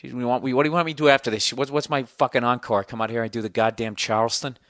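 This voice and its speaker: A man's voice: mid-range voice, very fast, a bit bright, no room sound. A man in his forties hosting a podcast, ranting casually with profanity and sarcasm on a close studio mic. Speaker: podcast host. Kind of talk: casual comedic rant.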